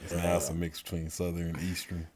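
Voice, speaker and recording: Deep fast-talking podcast co-host. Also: male voice, completely flat delivery, crowd noise. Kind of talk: casual chat.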